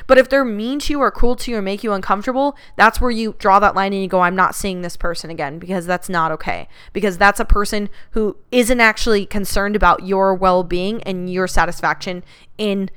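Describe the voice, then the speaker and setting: A woman talks openly and casually, giving frank advice like an older sibling. Her voice is very smooth and resonant at a middle pitch. She is chatty and swears easily, with plenty of "like" and "you know.". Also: a little fast, a bit bright. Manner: candid and chatty, swears freely, many "like" and "you know" fillers. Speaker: podcast host.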